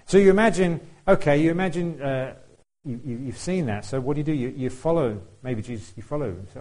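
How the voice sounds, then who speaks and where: A man gives a relaxed, chatty sermon in a warm, mellow voice. He talks straight to the congregation and keeps putting questions to them. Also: mid-range voice, brisk, hardly any pauses, rough recording. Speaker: preacher. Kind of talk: conversational sermon.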